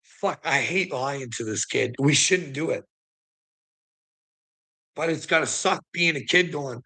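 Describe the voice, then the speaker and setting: A man's voice: a little high, measured pace, long pauses, sharp tone. A man on an angry livestream rant, swearing heavily and sounding bitter and indignant. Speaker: streamer.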